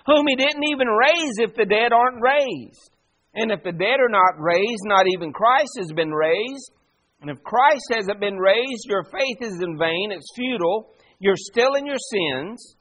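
A pastor preaching a sermon, animated and full of rhetorical questions to the congregation. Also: male voice, high voice.

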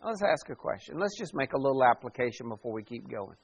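A man pastor preaching a sermon verse by verse, swelling for emphasis and dropping to a hush. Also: medium pitch, expressive, fast, gravelly, husky, dull audio.

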